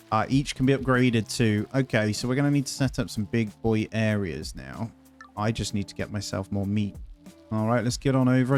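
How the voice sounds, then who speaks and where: A man narrates his video game session in a casual, chatty way, thinking aloud as he plays. He is easily delighted by small wins. His voice sits at an ordinary middle pitch for a man. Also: a little mellow. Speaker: gaming video host.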